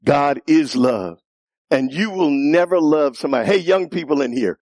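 A man preaching a sermon in a church, calling out questions to the congregation, teasing with laughs and rising to shouts. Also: a little high, animated, moderate pace, no room sound, clean studio sound. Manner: playful teasing asides with laughter.

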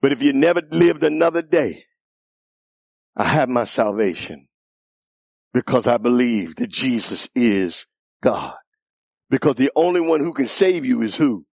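Preacher, male, sermon style, call-and-response, playful asides then shouted peaks; gravelly voice, dry close recording. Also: mid-range voice, very animated, measured pace, pauses often, dry recording. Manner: playful teasing asides with laughter. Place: church.

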